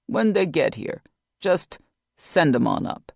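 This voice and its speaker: A woman voicing an undercover male special-ops hero with Cajun flair, talking in a low, swaggering mobster manner. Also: big pitch swings, slow, vocal fry, no room sound, studio quality, heavily acted.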